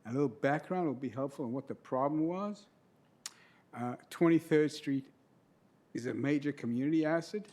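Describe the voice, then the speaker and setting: Middle-aged man, earnest public commenter at a podium mic, slightly high voice. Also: normal speed, darkish tone. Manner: earnest, emotional, detailed. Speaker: public commenter, trustee of local business property. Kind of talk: public comment at a county meeting. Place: county board meeting room.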